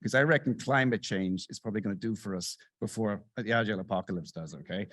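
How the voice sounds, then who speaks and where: A middle-aged man giving a satirical keynote on a conference stage, sarcastic and animated, swinging between loud bursts and muttered asides. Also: lowish voice, fast, no room sound. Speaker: conference speaker. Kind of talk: satirical stand-up style keynote.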